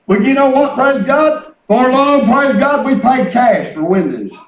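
A man's voice: extremely high pitch, expressive, a little slow. A man preaching a folksy sermon, telling rambling stories and breaking into calls of praise. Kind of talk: sermon with testimony. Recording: echoey room, distant mic.

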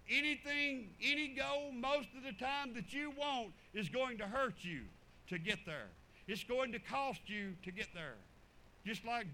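A man preaching, telling folksy stories in an animated, drawling way. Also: high voice, slight background noise, poor audio. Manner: animated, drawling storyteller with chuckles. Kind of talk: folksy sermon storytelling.

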